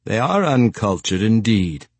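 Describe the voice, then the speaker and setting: A man's voice: on the low side, sing-song, measured pace, a little mellow, no room sound, exaggerated voice. A man voicing a wry old castle steward who speaks in a formal, coaxing way. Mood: dry.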